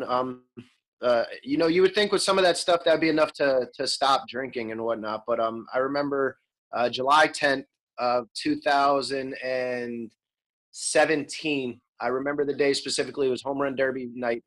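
Heard through poor audio, a man in his thirties with a mid-range, fairly bright voice recounts his story as an interview guest. He's frank and conversational, frequently hesitating with ums and starting over.

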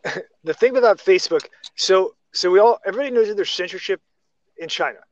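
A man's voice: sits high, fast talker. A man talking casually in a podcast chat, rambling through restarts and tangents. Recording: dry, muffled lo-fi sound.

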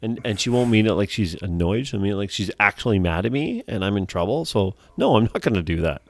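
A man co-hosting a casual podcast chat, telling animated stories, acting out what others said and swearing casually. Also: fairly low pitch, fast, vocal fry. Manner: animated storytelling, acts out quoted voices. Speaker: podcast co-host.

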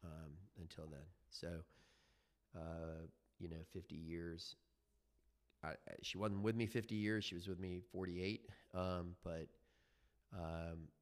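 Low-voiced man in his fifties, halting. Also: fairly even intonation. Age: 50s. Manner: halting, reflective, many fillers and restarts. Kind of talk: personal recovery story. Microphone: headset.

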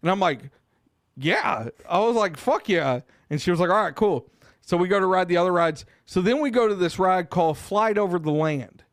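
A man co-hosting a podcast, telling a long story in casual, profane chat and getting loud and animated when worked up. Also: high-pitched, normal speed, dry recording, clean studio sound. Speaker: podcast co-host.

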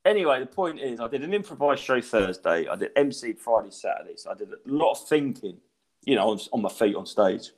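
A man's voice: mid-range voice, very animated, fairly quick. A middle-aged man, a stand-up comedian, telling stories in casual podcast chat, swearing freely and acting out voices.

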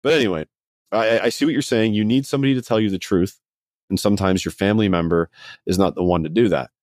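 A man's voice: lowish voice, fast talker, a little mellow, dry recording, studio quality. A man hosting a casual conversation, friendly and joking, often stumbling over his words.

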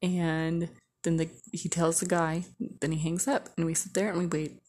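A woman's voice: on the low side, little pitch movement, normal speed, darkish tone. A woman casually telling a candid, profane story, full of "like" and blunt asides. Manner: candid, profane, heavy use of "like".

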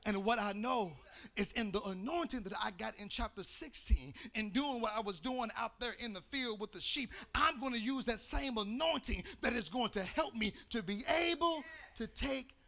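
A man from Chicago preaching in a church sanctuary, his voice set very high for a man and ringing sharp and bright. There is a gravelly fry under his tone. He tells a story and then rises into shouted, half-sung preaching. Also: normal speed. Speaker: pastor. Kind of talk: sermon.

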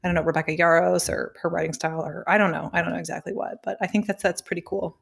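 A woman's voice: on the low side, steady tone, quick pace, gravelly, husky. A young woman co-hosting a podcast, chatting casually with lots of "like" and "um". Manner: chatty, filler-heavy with frequent "like" and "um". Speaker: podcast co-host. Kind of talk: casual chat.

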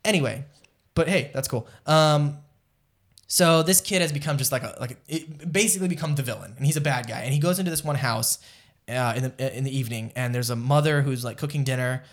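A man's voice: medium pitch, brisk. A man co-hosting an anime podcast, retelling episodes in casual chat with many fillers and asides. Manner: rambling, lots of fillers and asides, distracted by live chat. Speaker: podcast co-host.

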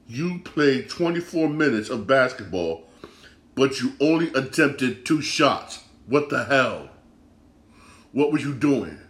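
Exasperated man ranting in an echoey room. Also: medium pitch. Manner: profane, exasperated, repetitive. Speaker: sports podcast host. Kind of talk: solo sports rant.

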